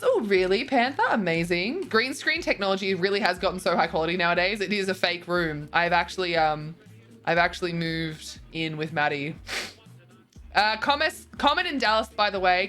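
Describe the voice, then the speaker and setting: Faint music hums in the background while a twenty-something woman, bubbly and quick to laugh, reads viewer messages in a relaxed stream chat. Her voice is mid-range and a bit bright.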